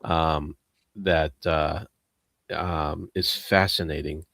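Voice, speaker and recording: A very deep-voiced man talks his way through a book discussion, rambling and hesitant and full of fillers. He laughs at himself as he goes. The recording is dry and close. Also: fairly even intonation, very slow, creaky, fairly bright tone, no echo. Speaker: book club member.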